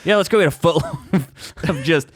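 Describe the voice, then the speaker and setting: A man and aspiring comedian, co-hosting a casual podcast chat, mocking himself and breaking into shouted impressions. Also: on the high side, normal speed, slightly rough, no echo, studio quality.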